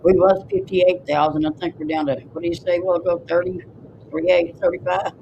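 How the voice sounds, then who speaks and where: A man's voice: high voice, little pitch movement, brisk, vocal fry, darkish tone, dull audio, a little hiss or hum. A man hosting a livestream from a car, joking and thanking viewers by name. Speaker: livestream host. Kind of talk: casual livestream chat. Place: inside a moving car.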